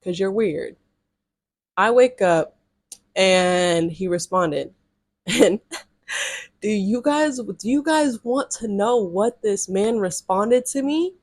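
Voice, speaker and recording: A woman's voice: medium pitch, lively intonation, slow pace, long pauses, no room sound. A young adult woman, blunt and sassy, telling a dating story casually to her viewers with slang and strong reactions. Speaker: storytime vlogger.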